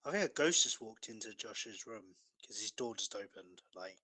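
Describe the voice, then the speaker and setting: Male co-host, lively swooping delivery, hesitant and full of ums. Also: on the low side, normal speed. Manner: hesitant, lots of ums, trails off quietly. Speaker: podcast co-host. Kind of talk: casual chat.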